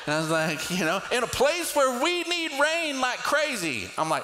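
A middle-aged man preaching a sermon, telling a personal story with lively swings in pitch. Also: moderate pace, few pauses, poor audio. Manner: storytelling with animated pitch jumps in acted prayers. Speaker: pastor.

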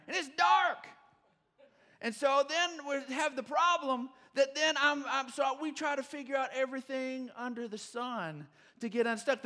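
Male pastor, fairly high voice, middle-aged, storytelling sermon full of restarts. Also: in a large hall. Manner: storytelling with many restarts and fillers, rising to shouts on key points. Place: church sanctuary.

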